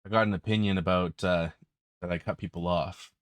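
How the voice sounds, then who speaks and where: Deep-voiced blunt male podcast host. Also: fairly even intonation, fairly quick, dry recording. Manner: blunt, candid, with filler ums. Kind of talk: casual podcast chat.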